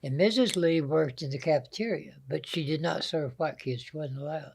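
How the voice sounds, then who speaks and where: Older Southern storyteller, higher voice. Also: male voice, normal speed, gravelly, slight background noise. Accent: Southern American. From American South. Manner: folksy, anecdotal storyteller. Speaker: guest. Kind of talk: storytelling interview.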